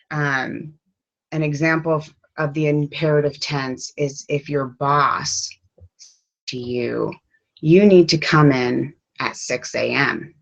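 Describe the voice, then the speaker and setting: Slow, patient woman teaching English. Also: sits low, gravelly, fairly bright tone, muffled recording. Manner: slow, patient, with many ums. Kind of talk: classroom lesson.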